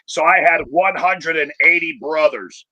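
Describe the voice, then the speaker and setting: A man's voice: on the high side, measured pace, pushed and bright, muffled recording. A middle-aged man telling a profane, rambling stand-up story full of fillers. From Chicago area. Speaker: stand-up comedian.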